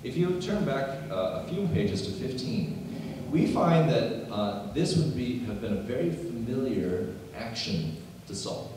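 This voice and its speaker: A pastor preaching in an echoing hall. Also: male voice, medium pitch, big pitch swings, a little slow, background noise. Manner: conversational preaching with joking asides. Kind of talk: sermon. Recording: echoey hall from far off.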